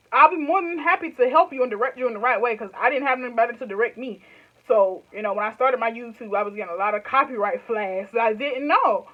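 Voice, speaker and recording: The audio is dull, carrying the high voice of a woman in her twenties with a Southern US accent. She's a YouTuber chatting casually to camera in loose, rambling phrases, laughing a lot.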